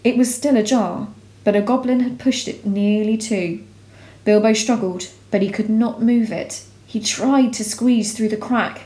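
A woman reading a storybook aloud in a measured, expressive way. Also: on the high side. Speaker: narrator. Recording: roomy echo.

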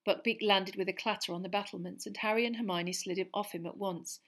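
A woman narrating a storybook in a steady, measured reading voice. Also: fairly low pitch. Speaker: audiobook narrator.

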